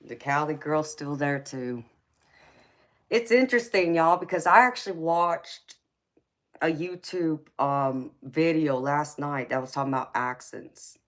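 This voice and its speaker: Speaking a little slowly in a low-pitched, slightly bright voice, this Los Angeles tarot reader with a Southern accent talks casually with her live-stream audience. She reads out their comments, responds to them, and laughs a lot in a chatty way.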